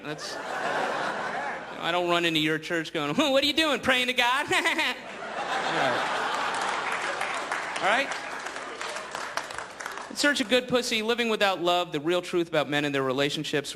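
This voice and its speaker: Brief: sardonic male stand-up comic, fairly high voice, noisy live crowd. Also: lively intonation, normal speed, long pauses. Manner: rambling, sardonic, acts out voices. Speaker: stand-up comedian. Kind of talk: stand-up comedy. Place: theater stage before live audience.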